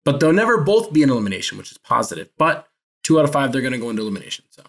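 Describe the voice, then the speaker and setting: Guy rambling through a reality show chat, average pitch, keeps restarting his sentences. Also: very animated, very fast, vocal fry, fairly bright tone. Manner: rambling, self-correcting, laughs often. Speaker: podcast co-host.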